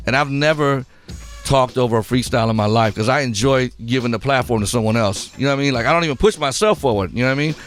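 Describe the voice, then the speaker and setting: A male radio show host telling a long story on his talk show and acting out the voices in it. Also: mid-range voice. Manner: animated, acts out quotes, rambling.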